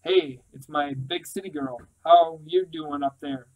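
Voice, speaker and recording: A man voicing a big, deep-voiced older father who talks slowly and seriously. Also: close to an everyday voice, poor audio. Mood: warm. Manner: slow, quiet and serious.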